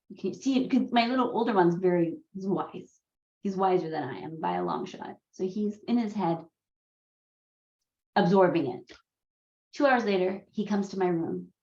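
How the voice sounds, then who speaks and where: Speaking at normal speed with a medium-pitched voice, a woman running a coparenting class tells a story about her sons. She animatedly performs their voices with laughter, captured in a roomy, dull lo-fi recording.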